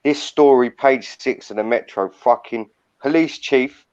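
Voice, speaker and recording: A man's voice: mid-range voice, unhurried, darkish tone. An older man, ranting heatedly and swearing a lot on a live stream. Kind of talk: angry ranting live chat. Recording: muffled lo-fi stream audio.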